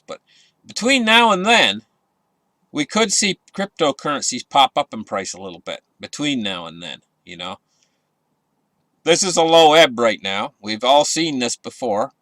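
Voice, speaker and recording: A man talks through the day's market figures on his own channel, rambling and restarting, with sarcastic asides. His voice is bright and forward, medium in pitch. The sound is dry and close, with no room around it. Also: no room sound. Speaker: market commentary host. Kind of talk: casual market commentary.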